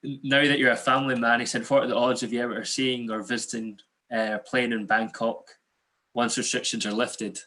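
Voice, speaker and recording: A man's voice: mid-range voice, flat delivery, moderate pace, sharp tone. A man reading out viewer questions in an interview, hesitant and starting with "uh".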